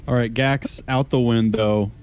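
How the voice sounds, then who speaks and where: A man's voice: mid-range voice, fairly even intonation, measured pace, darkish tone, clear, resonant tone. A man playing a tabletop game with friends, casual and teasing as he plans his turn. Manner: joking, teasing. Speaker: player.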